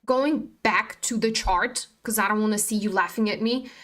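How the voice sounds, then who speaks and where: A woman's voice: mid-range voice, normal speed, fairly bright tone. A woman hosting a trading livestream, talking frankly and profanely about being tired while she chats with viewers. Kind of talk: casual live-stream commentary.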